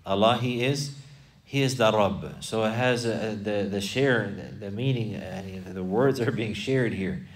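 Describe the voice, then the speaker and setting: A man's voice: on the low side, measured pace, far from the mic. A man teaching a religious class, explaining word by word and repeating key phrases.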